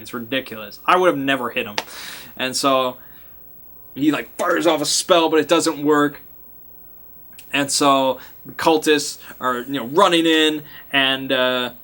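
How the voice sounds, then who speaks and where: A man running a tabletop game talks through what happened last time in a casual, chatty recap. His voice sits a little high and sounds bright and keen. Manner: chatty, acts out sound effects and lines, laughs. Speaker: game master.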